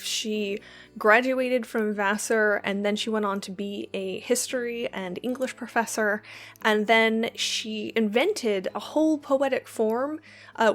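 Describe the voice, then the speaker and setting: A woman who reads a poem softly, sinking into whispers at the line ends, then explains it in a chatty way with quick asides and ums. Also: fairly high pitch. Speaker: poetry reader and lecturer.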